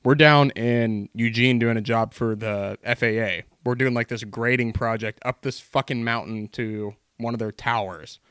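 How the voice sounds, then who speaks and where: A man's voice: mid-range voice, fairly even intonation, normal speed, few pauses, a bit bright, clean tone, dry recording, clean studio sound. A man telling long, rambling stories in casual podcast chat, swearing constantly as he goes.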